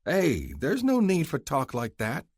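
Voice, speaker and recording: Man doing a calm outlaw guy trying to keep the peace, steady and reasonable. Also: on the high side, a little slow, slightly rough, dry recording, studio quality, pitched above the performer's own voice, full character voice. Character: even-tempered male outlaw, keeping the peace.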